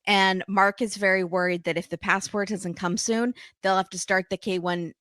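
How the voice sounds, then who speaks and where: Lively woman guest recapping a show. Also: medium pitch, dry recording. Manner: lively, recaps with quick laughs. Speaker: podcast guest. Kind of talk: casual chat.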